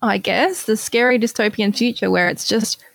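Gravelly voice with dry sarcastic quips. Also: medium pitch, normal speed, a bit bright, no echo. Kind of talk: casual podcast chat.

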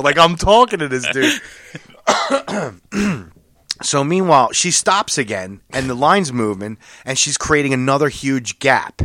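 A man telling a long, profane driving story in casual chat, quoting other drivers in a louder, higher voice. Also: animated, a little slow, pauses often, no room sound, studio quality. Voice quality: gets loud and high when quoting other drivers.

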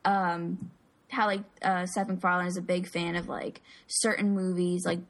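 A woman's voice: lowish voice, little pitch movement, moderate pace. Chatty woman rambling about movies. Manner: rambling, filler-heavy storytelling. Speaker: podcast co-host. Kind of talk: casual chat.

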